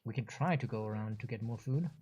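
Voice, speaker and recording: A man's voice: fairly low pitch, fast talker, a little mellow, husky, highs cut off. A man who is a game developer, chatting casually on a livestream and explaining things at length with frequent restarts. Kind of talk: casual gameplay chat.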